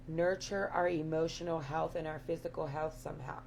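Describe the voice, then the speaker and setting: Raspy, gravelly-voiced woman giving spiritual talk. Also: deep voice, steady tone, normal speed, few pauses, fairly bright tone, slight background noise. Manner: earnest, repetitive, affirming. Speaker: spiritual live-stream host. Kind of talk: casual spiritual talk to viewers.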